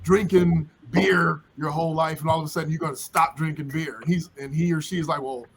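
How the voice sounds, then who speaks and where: A man's voice: a little high, fairly even intonation, a little fast, fairly bright tone, a little hiss or hum, rough recording. A man in a casual podcast discussion, making his points through little acted-out exchanges. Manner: storytelling, plays out little dialogues. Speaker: panel speaker.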